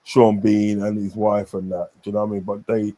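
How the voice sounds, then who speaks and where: A man's voice: on the low side, flat delivery, fairly quick, mellow. A man chatting casually on a stream, rambling with many fillers and repeated phrases. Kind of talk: casual chat.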